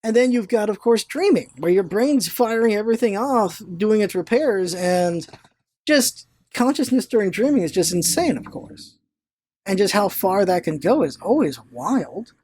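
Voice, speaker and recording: A vlogger telling a long personal story in casual, rambling chat, animated, swearing now and then and stumbling over words when excited. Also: mid-range voice, normal speed, no echo. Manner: animated storyteller, swears, retells own thoughts aloud; restarts and stammers when excited.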